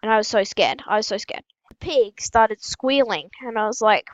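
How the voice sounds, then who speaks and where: A female gaming host telling absurd, made-up stories in a casual, matter-of-fact, deadpan way while opening packs. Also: medium pitch, a little fast, few pauses, no echo, highs cut off.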